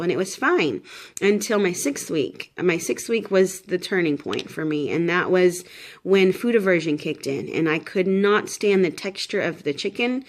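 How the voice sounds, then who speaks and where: A woman's voice: fairly low pitch, a little hiss or hum. A woman in her thirties talking casually to the camera in a pregnancy update vlog, rambling with many fillers and restarts, tired and a little shaky. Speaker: vlogger.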